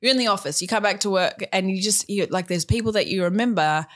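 A woman's voice: medium pitch, fast, a bit bright. A woman co-hosting a comedy podcast, chatting casually and laughing often as she rambles through a silly story. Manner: playful, giggly, rambling storyteller. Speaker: podcast co-host.

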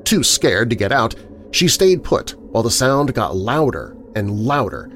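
Guy doing spooky documentary voiceover, measured and dramatic, pitch swings around a lot. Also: very animated, fairly bright tone, slight background noise. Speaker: narrator. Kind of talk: scripted documentary narration.

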